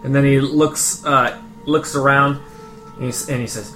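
A man narrating a tabletop game as game master, halting with many restarts. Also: mid-range voice, steady tone, music in the background, rough recording.

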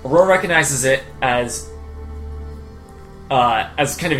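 A man narrating as game master in a tabletop game, in loose, halting narration with fillers. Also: medium pitch, fairly bright tone, soft background music.

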